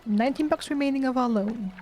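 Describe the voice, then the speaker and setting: A woman's voice: high voice, quick pace, darkish tone, soft background music. A woman playing a game and thinking aloud in casual let's-play commentary. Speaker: gaming streamer.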